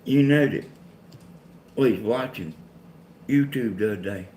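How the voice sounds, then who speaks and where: Southern man, Georgia country drawl, mid-pitched, plainspoken live-stream co-host. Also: unhurried, dark tone, a little hiss or hum. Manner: plainspoken, laid-back country talk. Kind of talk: casual chat with viewers.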